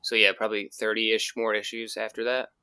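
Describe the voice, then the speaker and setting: On a casual comics podcast, a male co-host talks enthusiastically, full of fillers, in a lowish voice with little pitch movement. He speaks a little fast, and his tone is sharp and clean with no room sound.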